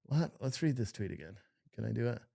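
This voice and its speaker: A man talking to his viewers on a live stream, with a voice pitched in the usual middle range for a man. He reads posts aloud and reacts to them, and his commentary is casual, profane and mocking. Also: expressive, a little fast, gravelly, warm tone. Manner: chats with viewers in the chat.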